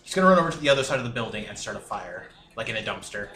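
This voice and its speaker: A man playing a tabletop game, chatting casually and planning in a quick, offhand way. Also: on the low side, animated, bright, forceful tone. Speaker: player. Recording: echoey room with faint music.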